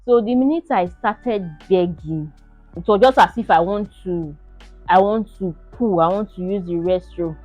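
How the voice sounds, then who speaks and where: A young woman telling her own story to the camera in an animated, casual way, laughing often and acting out the shouts and pleas. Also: mid-range voice, normal speed, dry recording, muffled recording, faint music behind. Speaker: vlogger sharing her birth story.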